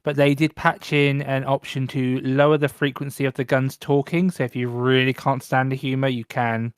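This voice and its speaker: A man's voice: mid-range voice, little pitch movement, normal speed, smooth, no echo. Man, podcast co-host, joking casual chat, dry close-mic sound.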